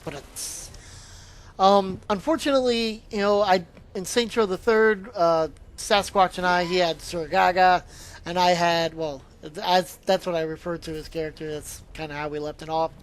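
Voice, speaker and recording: A man's voice: high-pitched, steady tone, moderate pace, clean tone. A man giving a casual, rambling spoken review of a video game, often trailing off and restarting his sentences.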